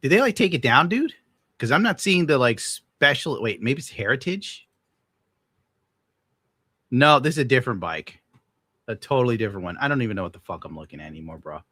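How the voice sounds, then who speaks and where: Young man, casual host, exasperated, sarcastic, swears a lot, bright voice, animated pitch. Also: brisk, pauses often, breathy edge, no echo, studio quality. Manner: exasperated, sarcastic, swears often, bursts into high-pitched outrage. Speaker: podcast host. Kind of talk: casual livestream rant.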